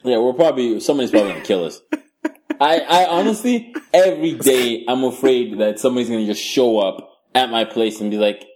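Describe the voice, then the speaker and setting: A man's voice: mid-range voice, a little fast. A man co-hosting a podcast in casual banter, profane and laughing as he spins stories. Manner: animated, profane, laughing storyteller. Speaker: podcast co-host.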